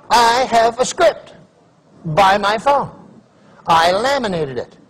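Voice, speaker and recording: A man's voice: very high voice, a little slow. A middle-aged man from Canada giving a humorous keynote talk, telling stories and acting out the voices of other people. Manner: animated storytelling, acts out voices. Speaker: motivational speaker.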